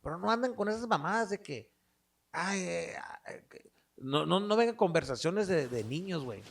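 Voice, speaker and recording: A man voicing his pushy teenage male cousin, who talks with a loud, swaggering manner. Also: high-pitched, lively intonation, brisk, creaky, pitched above the performer's own voice, full character voice. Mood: bossy.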